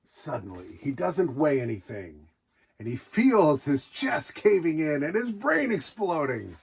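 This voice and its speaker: A man with a fairly high, very lively voice gives casual, joking commentary on old children's books. His pitch jumps around a lot as he riffs. Now and then he slips into goofy put-on voices. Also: a little slow, vocal fry, husky. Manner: jokey, puts on silly character voices. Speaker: nostalgia show host.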